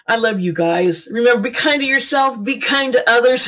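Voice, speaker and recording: A woman's voice: fairly high pitch, lively intonation, normal speed, hardly any pauses, a bit bright. A middle-aged woman talking to her viewers in a rambling, chatty vlog, giggling and jumping between topics as she reviews lipstick. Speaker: beauty and tarot vlogger. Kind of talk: rambling casual vlog chat.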